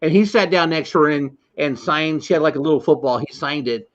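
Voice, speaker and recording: A man co-hosting a casual sports chat show, telling quick anecdotes in an animated way. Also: on the high side, dull audio. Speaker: podcast co-host.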